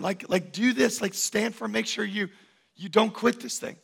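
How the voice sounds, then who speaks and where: Preacher guy, bright punchy voice, goes big and loud then drops real quiet, repeats lines like a chant. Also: sits high, steady tone, moderate pace, creaky, breathy edge, some chatter behind. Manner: emphatic, swinging from loud declarations to hushed intimacy; repetitive, rhythmic preaching cadence. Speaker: pastor. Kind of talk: sermon.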